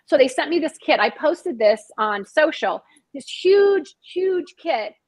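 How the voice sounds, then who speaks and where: A woman's voice: high voice, sing-song, a little slow, no echo, rough recording. A middle-aged woman, a guest author and screenwriter, chatting animatedly in an interview and often repeating words. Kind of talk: casual interview chat.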